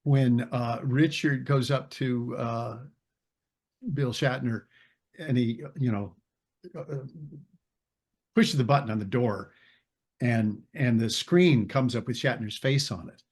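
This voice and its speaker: Older actor, casual storyteller, easygoing middle-pitched voice, meandering and chuckling, on a video call. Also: male voice, slow pace, pauses often, a little mellow. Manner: rambling, searches for names, laughs while telling stories. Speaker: actor, interview guest.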